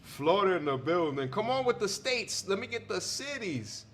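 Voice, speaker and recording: A man hosting a casual livestream, hyped and joking as he shouts out viewers' cities. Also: sits high, very animated, normal speed, a little hiss or hum. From Long Island, New York. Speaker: livestream host.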